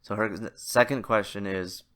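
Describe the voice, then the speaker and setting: A man's voice: lowish voice, fairly even intonation, normal speed, fairly bright tone. A man hosting a solo podcast, rambling and self-deprecating with lots of fillers and restarts, in a somewhat nasal voice. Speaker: podcast host. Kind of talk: casual solo podcast monologue.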